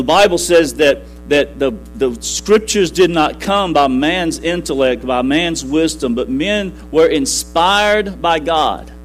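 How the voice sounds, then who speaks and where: A middle-aged man preaches to his congregation in a folksy, repetitive way, driving his points home with emphatic peaks. His voice sits a little high for a man. Soft music plays faintly beneath his sermon. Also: rough recording. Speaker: pastor. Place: church sanctuary.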